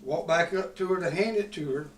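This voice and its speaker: A man with a fairly high voice tells a loud, profane story in a drawl. He is recorded from a distance, and the room around him is echoey. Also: fairly quick, a little hiss or hum. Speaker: podcast host. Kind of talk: casual storytelling. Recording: roomy sound from a distant mic.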